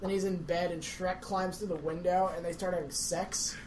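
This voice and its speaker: A woman's voice: lowish voice, fairly even intonation, moderate pace, darkish tone, a little hiss or hum, low-quality recording. A woman co-hosting a casual podcast, chatting with wry asides. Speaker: podcast co-host. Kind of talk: casual chat.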